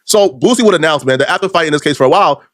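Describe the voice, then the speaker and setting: Fast mocking male commentator. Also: fairly high pitch, no echo, clean studio sound. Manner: animated, mocking, slang-heavy. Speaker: commentary video host.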